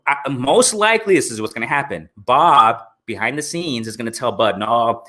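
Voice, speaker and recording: A man's voice: mid-range voice, animated, moderate pace, bright, forceful tone. A man hosting a live boxing stream in a casual way, answering chat and often asking "you know what I'm saying".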